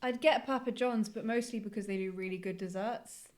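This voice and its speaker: A woman's voice: mid-range voice, fairly quick, a little mellow. Emphatic woman in a podcast chat. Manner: emphatic, repeats her point. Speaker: podcast co-host. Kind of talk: casual chat.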